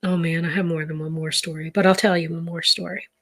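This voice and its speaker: A woman's voice: lowish voice, flat delivery, quick pace. A middle-aged woman from Canada's East Coast, chatting casually through a grocery haul and rambling stories with many fillers and restarts. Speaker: vlogger showing a grocery haul. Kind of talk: casual chat.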